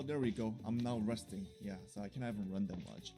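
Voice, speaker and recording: A man giving jokey gameplay commentary for his video, excitable and laughing often. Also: medium pitch, quick pace, hardly any pauses, music in the background. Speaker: gaming video creator.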